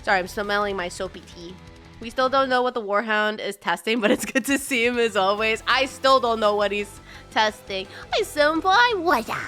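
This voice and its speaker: A woman streaming live, chatting casually with her viewers, bubbly and chatty, greeting them in a high sing-song and often laughing. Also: moderate pace, pushed and bright, soft background music.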